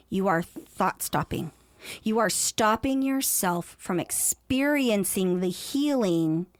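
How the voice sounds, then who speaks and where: A woman host speaks with conviction, making her points with emphasis and a playful, bossy edge. Her voice sits at a middle pitch. The recording is close and dry, with no room echo. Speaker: podcast host. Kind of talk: casual podcast conversation.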